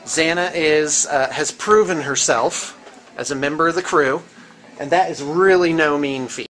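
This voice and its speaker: A man's voice: a little high, unhurried, fairly bright tone, a little hiss or hum. A man hosting a casual tour of a painting studio, chatty and teasing, filmed on a handheld camera. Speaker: host of a painting studio channel. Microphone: handheld camera mic.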